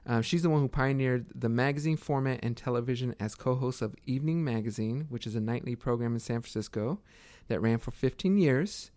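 A man's voice: medium pitch, fairly quick, few pauses, a little mellow, no echo. A young man co-hosting a podcast interview, friendly, tripping over words and laughing easily. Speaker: podcast co-host.

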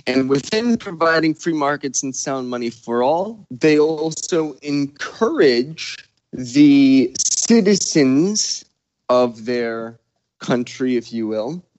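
A man hosting a casual conversation, talking slowly with many restarts and pauses while he searches for words. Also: medium pitch, expressive, darkish tone, no echo, highs cut off. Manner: slow, halting, searching for words.

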